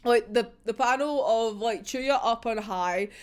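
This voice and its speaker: A woman's voice: fairly high pitch, unhurried. A young woman chatting through a manga chapter in a gushing, giggly, sweary way, as a casual fan reviewer.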